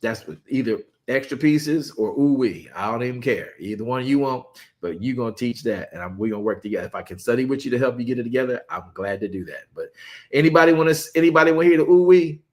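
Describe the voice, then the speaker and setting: Male pastor, animated livestream preacher, repeats words, playful asides, mid-pitched voice. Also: fast. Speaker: pastor leading online Sabbath study. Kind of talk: lively sermon and livestream chat.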